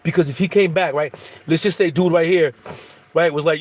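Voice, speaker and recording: Speaking quickly in a fairly high voice, this spiritual speaker rambles casually through his monologue. He repeats phrases and starts sentences over.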